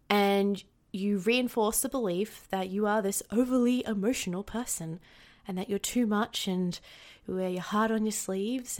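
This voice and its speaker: Candid, chatty woman podcast host. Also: mid-range voice. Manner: candid, chatty, acts out inner thoughts. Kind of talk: casual podcast monologue.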